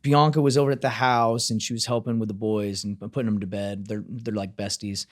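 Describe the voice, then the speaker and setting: A man chatting as a podcast guest, earnest and animated with quick laughs. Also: lowish voice. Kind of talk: casual chat.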